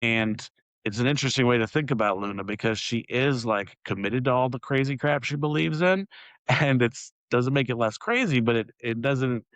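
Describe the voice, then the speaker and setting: A man co-hosts a podcast, chatting casually and rambling with lots of fillers and laughter. He speaks at a normal speed in a medium-pitched, slightly bright voice. The recording is low quality, with no room sound.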